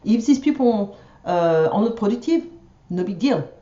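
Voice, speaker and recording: A woman's voice: medium pitch, expressive, normal speed, mellow, echoey room, highs cut off. Frustrated French woman venting. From France. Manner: frustrated, blunt, frequent fillers and restarts. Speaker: French teacher vlogger. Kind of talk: ranting vlog monologue.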